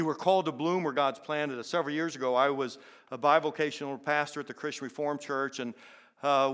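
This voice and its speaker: A man's voice: mid-range voice, a bit bright. An older man preaching a sermon as a pastor, telling personal stories in an earnest way and often repeating words as he goes. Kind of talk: sermon storytelling.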